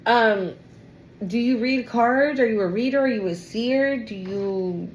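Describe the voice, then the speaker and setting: Young woman doing a tarot reading, slow slangy talk, gets teary, bit of background hiss. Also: a little high. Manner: emotional, exclamatory, slangy, swings to near tears. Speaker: tarot reader. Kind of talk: casual tarot reading to viewers.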